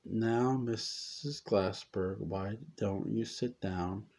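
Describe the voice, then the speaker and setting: A man reading a story aloud, voicing a brisk hospital nurse with a Boston accent who coaxes a patient. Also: mid-range voice, a little mellow. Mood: coaxing.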